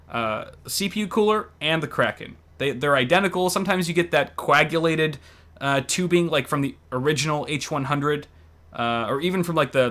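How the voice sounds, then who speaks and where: A man's voice: a little high, sharp tone. A man hosting and casually commenting on builds in an easygoing, chatty way with lots of fillers. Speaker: host.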